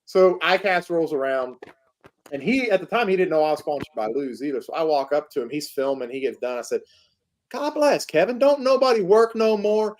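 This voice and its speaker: A man's voice: fairly high pitch, brisk. A man from Tennessee, a podcast guest telling casual stories and laughing often. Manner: animated, laughs often, acts out quoted voices. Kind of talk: casual storytelling.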